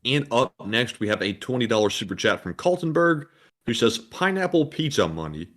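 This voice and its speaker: A man co-hosting a casual livestream, reading each viewer donation and message aloud in a steady announcing manner. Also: mid-range voice, moderate pace. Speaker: livestream co-host reading super chats.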